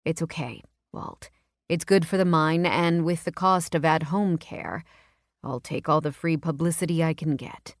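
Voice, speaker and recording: A woman's voice: sits low, measured pace, no room sound, clean studio sound. A woman reading as a drawling, easygoing man. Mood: calm. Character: laid-back grown man, drawling and calm.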